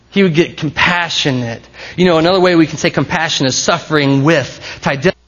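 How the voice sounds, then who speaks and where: A man preaching in a loose, conversational style, breaking off and restarting his sentences. His voice sits a little on the high side, and the recording sounds somewhat dull and lo-fi. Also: fairly bright tone. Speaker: pastor. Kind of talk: sermon.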